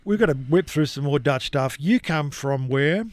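A man with a fairly high voice chats as co-host, leading the conversation and explaining at length. His voice sits close and dry, with no room sound. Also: expressive, moderate pace, no echo. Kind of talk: casual chat.

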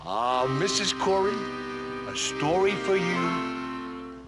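A man's voice: high voice, sing-song, takes it slowly, over loud music, full character voice. A man playing a showman who reels off silly rhyming poems in a put-on Cockney accent. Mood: showy.

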